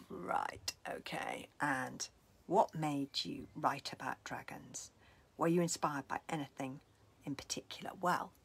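A woman from London, a children's author, reading her book aloud and answering questions at home over a video call, swinging between loud and whispered. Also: low-pitched, gravelly. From London, England. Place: home, indoors.

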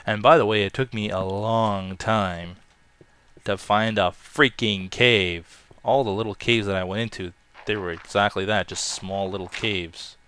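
A man casually commenting on his own gameplay, chatty and self-mocking, with loud excited outbursts. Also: on the low side, a little slow, smooth. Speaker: let's play gamer.

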